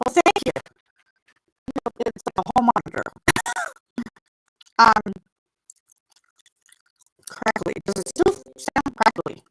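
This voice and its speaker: A woman's voice: fairly high pitch, sing-song, takes it slowly, long pauses, loud music behind the voice, poor audio. Chatty middle-aged woman on a live stream. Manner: chatty and rambling, often laughing at herself; chewing gum while talking. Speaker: mindset coach hosting a live stream. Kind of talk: casual live-stream chat. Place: at a table with her computer, indoors. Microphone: plug-in desk mic.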